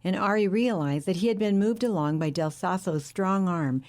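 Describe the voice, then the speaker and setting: A woman narrating a novel as an audiobook, with a steady, clear reading manner. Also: mid-range voice, moderate pace.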